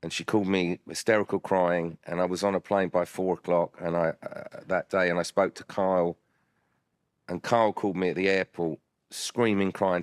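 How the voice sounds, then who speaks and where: A man's voice: deep voice, fairly even intonation, normal speed, dry recording, studio quality. A man speaking emphatically in a casual chat and repeating himself for stress.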